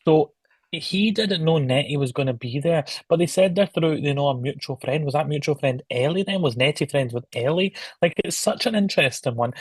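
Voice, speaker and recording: A man's voice: on the high side, brisk, breathy edge, dry recording. A man co-hosting a podcast as a guest, talking in an eager, gossipy, chatty way. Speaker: guest co-host. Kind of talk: casual chat recapping a reality show.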